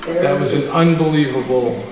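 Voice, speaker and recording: A man in his sixties tells personal stories to a small audience, lively and self-mocking, often laughing at himself. His voice sits fairly high for a man. It is picked up from a distance in a very echoey room with a long reverb and faint background noise. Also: normal speed, a loud crowd. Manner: animated, self-deprecating, laughing through the story. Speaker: storyteller guest. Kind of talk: personal storytelling to a live group. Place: community center room.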